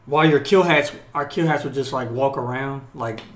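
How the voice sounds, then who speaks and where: A young man co-hosting a podcast, telling profane, animated stories in casual chat and acting out yelling drill instructors. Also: medium pitch, normal speed, reverberant. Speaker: podcast co-host.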